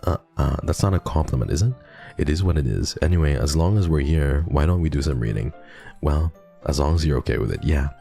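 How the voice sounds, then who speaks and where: Very deep, gravelly-voiced male streamer. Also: expressive, a little fast, mellow, soft background music. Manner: wry, playful, dramatic outbursts. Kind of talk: gaming livestream, reading a visual novel aloud.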